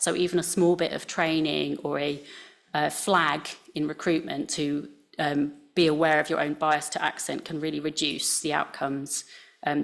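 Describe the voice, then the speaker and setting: Presenting to an audience of scientists at a talk venue, this woman speaks in a conversational way with frequent fillers like um. She has a deep voice with vocal fry and a near-RP English accent.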